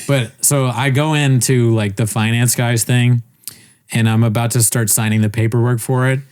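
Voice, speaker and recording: A man on a casual podcast telling a story with animated, swearing delivery, laughing often and acting out the people he quotes. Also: medium pitch, normal speed, smooth. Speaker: podcast co-host. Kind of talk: casual chat.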